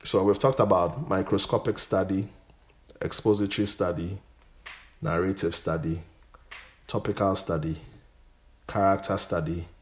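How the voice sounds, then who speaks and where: A pastor teaching a Bible study, often stopping to say "Amen". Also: male voice, low-pitched, steady tone, measured pace, pauses often, roomy sound. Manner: punctuates points with "Amen".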